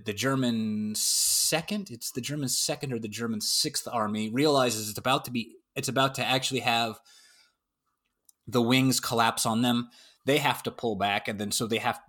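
A man's voice: medium pitch, fairly bright tone. A man with an American accent explaining history in a casual podcast chat, rambling through restarts and fillers. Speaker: guest historian.

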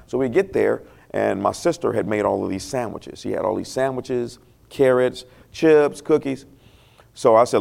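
A man's voice: fairly low pitch, gravelly, a little mellow. A man preaching a sermon, telling a personal story in a conversational, emotional way and asking the congregation questions. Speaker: pastor.

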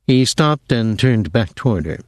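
A man giving a measured, even audiobook narration of a novel. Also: mid-range voice, dry recording. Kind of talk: scripted narration.

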